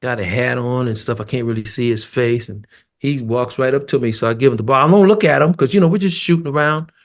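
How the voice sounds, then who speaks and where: A middle-aged man, a drummer guest, telling stories in a loose, animated way with laughs. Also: medium pitch, fast. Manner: animated storyteller, laughs and acts out scenes. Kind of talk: casual storytelling chat.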